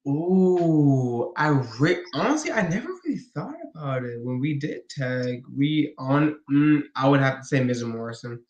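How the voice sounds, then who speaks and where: A man's voice: on the high side, animated, moderate pace, hardly any pauses, darkish tone, dull audio. A man being interviewed as a guest wrestler, talking casually, earnest and enthusiastic. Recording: roomy echo.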